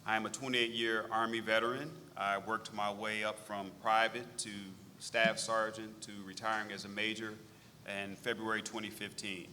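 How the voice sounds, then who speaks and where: A middle-aged man, a veterans services director presenting at a public meeting, talking briskly and directly and repeating phrases for emphasis. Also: lowish voice, level tone, sharp tone, in a large hall, slight background noise.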